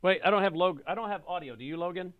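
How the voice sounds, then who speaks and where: A man's voice: high voice, quick pace, narrow, tinny audio. A man hosting a radio show, chatting casually in a jokey, self-deprecating way. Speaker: radio host.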